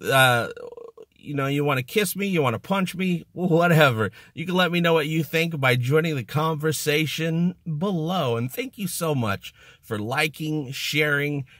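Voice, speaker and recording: A man's voice: a little high, a bit bright, no room sound, studio quality. A man hosting his own channel, talking casually to the camera in a rambling, self-mocking, jokey way. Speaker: YouTube channel host. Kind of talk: casual vlog talk to camera.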